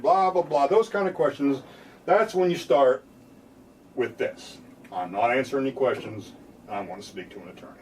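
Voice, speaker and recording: A defense lawyer explaining rights in plain talk, now and then mimicking police officers in a loud mocking voice. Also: male voice, medium pitch, lively intonation, moderate pace, recorded from a distance, a little hiss or hum.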